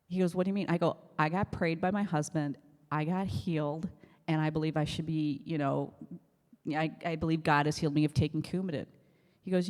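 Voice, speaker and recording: A woman with a fairly low voice tells her testimony with animated energy. She acts out the people in her story and laughs often. Her voice rings with long reverb from a church hall. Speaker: church member giving testimony. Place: church sanctuary.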